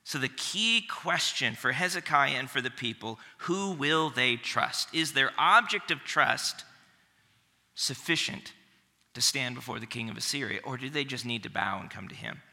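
A man's voice: mid-range voice, lively intonation, moderate pace, sharp tone, long reverb tail. A man preaching a sermon in a conversational way, often repeating a word as he restarts a phrase. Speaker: pastor.

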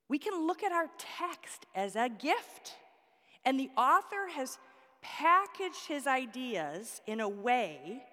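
A woman's voice: on the high side, sharp tone. A woman teaching a Bible study class, explaining step by step with props and asking the class questions. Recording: long hall reverb.

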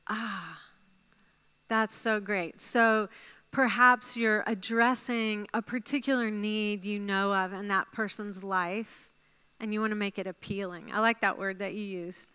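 A woman's voice: medium pitch, steady tone, unhurried, sharp tone, clean tone. A woman leading a Bible study class, drawing out answers and praising them with encouragement as she writes them up. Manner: encouraging, praises answers, thinks aloud while writing.

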